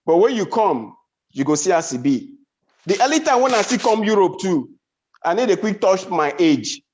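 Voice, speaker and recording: Nigerian Pidgin stand-up man, high voice, lively swoops, dull lo-fi event sound. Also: moderate pace, slight background noise. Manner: animated storytelling, big pitch swings. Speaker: comedian. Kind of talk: stand-up comedy.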